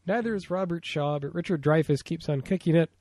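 A man's voice: on the high side, brisk, darkish tone, no echo. Rambling man on a movie podcast. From United States. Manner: rambling, many fillers. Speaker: podcast co-host. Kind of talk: casual movie podcast chat.

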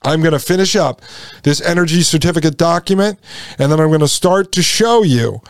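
A man's voice: fairly high pitch, a little fast, no room sound, clean studio sound. A man hosting his own podcast, delivering an emphatic solo monologue, repeating points and addressing listeners as folks. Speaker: podcast host.

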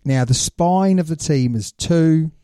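A man's voice: fairly high pitch, unhurried, dark tone, clear, resonant tone, no echo, clean studio sound. A man co-hosting a podcast, chatting casually and explaining his points at length. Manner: explains at length, setting up questions. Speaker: podcast co-host. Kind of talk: casual chat.

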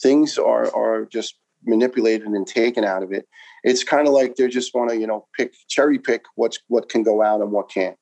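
A man's voice: medium pitch, moderate pace, vocal fry, darkish tone, rough recording. A man in his fifties from New York, a retired firefighter telling his story in an interview with passion, emphasis and frequent restarts.

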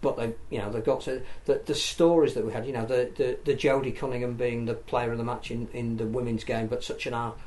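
A man's voice: medium pitch, little pitch movement, fairly quick, few pauses, a little mellow. A man co-hosting a sports podcast, talking casually with frequent restarts and repeated words. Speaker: podcast co-host.

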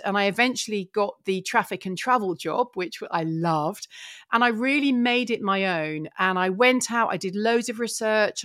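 A middle-aged woman from England, a podcast guest telling her career story in a lively, earnest way with many restarts. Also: medium pitch, no room sound, clean studio sound. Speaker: guest, broadcaster and child therapist. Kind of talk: personal storytelling in a podcast conversation.

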